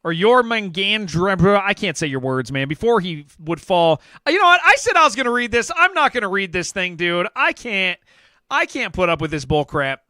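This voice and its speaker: Excitable high-voiced male streamer. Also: normal speed, no room sound. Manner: excitable, rambling, says "man" and "dude" often. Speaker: game streamer. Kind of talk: casual livestream chat with viewers.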